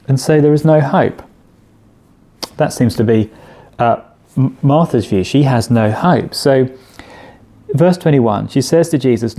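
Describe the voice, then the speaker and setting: A man's voice: medium pitch, expressive, unhurried, dark tone. A man preaching a sermon in a conversational way, asking rhetorical questions and often restarting his phrases.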